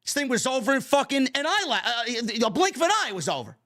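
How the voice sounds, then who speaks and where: A man ranting on a stream with a high voice that swings widely up and down. He is profane and exasperated, and he mocks people in sarcastic put-on tones. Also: sing-song, fast talker, pushed and bright. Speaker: wrestling commentary host.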